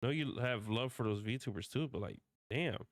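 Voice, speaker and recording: A man's voice: medium pitch, normal speed, no echo, clean studio sound. A male streamer talking casually in a rambling rant, repeating himself, swearing often and restarting his sentences.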